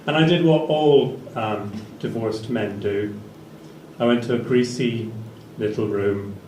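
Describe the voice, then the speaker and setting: A man does stand-up at a small comedy venue, rambling in a dry tone full of fillers, his medium-pitched, darkish voice at a measured pace. The sound echoes through the room, captured from afar, over faint ambient noise.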